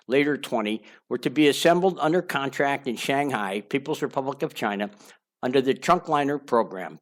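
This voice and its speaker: An older man narrating his own memoir aloud in a candid, confessional way, with wandering asides and small repeats. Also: medium pitch. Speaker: memoir author reading his own book.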